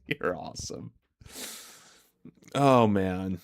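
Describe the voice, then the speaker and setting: A man hosts a casual livestream from his home setup, answering viewers' comments aloud. He talks slowly in a somewhat low voice and laughs often. The sound is close and dry, with no room echo. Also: lively intonation, a little mellow. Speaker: livestream host.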